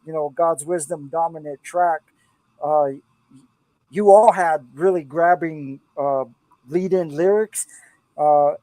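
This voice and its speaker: A man's voice: high voice, darkish tone, no echo, low-quality recording. A middle-aged man hosting a casual podcast about song lyrics, talking with rambling enthusiasm and slipping into preachy asides. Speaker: podcast host and producer.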